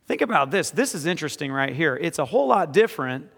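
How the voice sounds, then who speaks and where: A male pastor delivers a sermon in a somewhat high voice. He moves between quiet, earnest scripture reading and emphatic exhortation. The sound rings out with a long reverb across a large hall. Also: sing-song, quick pace, gravelly.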